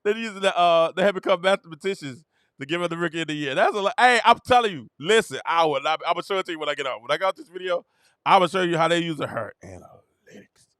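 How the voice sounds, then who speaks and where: A man hosting a sports talk show, chatting casually, laughing often and breaking into high, mocking quotes. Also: very fast, a bit bright, no echo, clean studio sound. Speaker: podcast host. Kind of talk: casual sports commentary monologue.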